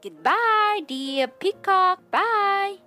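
A woman voicing a gullible, silly female goose in a children's storybook read-aloud, with high squealing exclamations. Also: animated, drawn-out words, sharp tone, full character voice. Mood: relieved. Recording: faint music behind.

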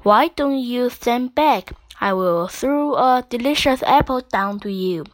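A woman's voice: a little high, animated, a little slow. A woman voicing a small, stubborn male pig in a storybook reading, answering defiantly in a near-everyday voice. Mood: cheeky. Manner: squeals back defiantly.

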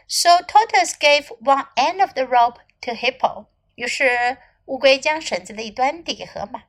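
A woman English teacher reading a children's story aloud, line by line, in a slow and clear storytelling manner. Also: high-pitched.

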